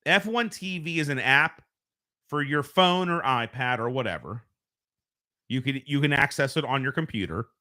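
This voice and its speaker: With a mid-range, expressive voice that comes across pushed and bright, an American host chats at normal speed on a casual home live stream. He rambles conversationally and corrects himself as he goes, using a home streaming microphone.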